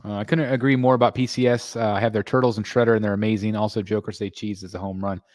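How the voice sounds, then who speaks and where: A man hosting a casual collecting live stream from his home, reading viewer comments aloud and thanking members, his voice jumping up when he gets excited. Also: quick pace, dry recording, studio quality. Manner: excitable, jumps in pitch when greeting members. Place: home room.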